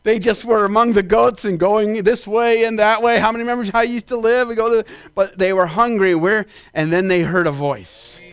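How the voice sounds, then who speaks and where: A man preaching a sermon as pastor, climbing into shouted peaks and then dropping into quick asides. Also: sits high, steady tone, clean tone, no room sound.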